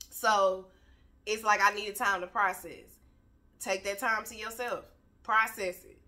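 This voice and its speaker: Bright-voiced blunt motivational woman. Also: medium pitch. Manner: blunt, preachy, swears freely. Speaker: motivational speaker. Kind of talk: candid motivational talk. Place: home, on a couch.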